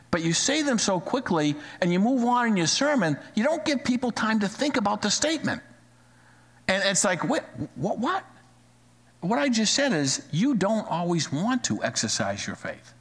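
Animated high-voiced male preacher in a hall. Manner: animated, repeats phrases for emphasis. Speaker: pastor. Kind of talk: sermon. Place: church sanctuary, live-streamed. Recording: long hall reverb.

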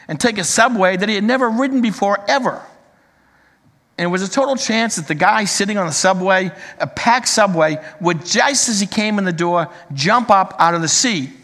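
A man preaching a sermon, telling a long story in an earnest, measured way before turning to the congregation. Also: high voice, fairly bright tone, in a large hall.

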